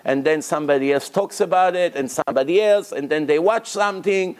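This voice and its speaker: A man delivering a rabbinic lecture in an emphatic, insistent way, often repeating a word to drive it home. His voice sits a little higher than most men's. His grammar slips now and then. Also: a little fast, clean tone. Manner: emphatic, repeats words for stress, non-native grammar; breaks into loud acted shouting of prayers and quotes. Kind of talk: Torah lecture to a congregation.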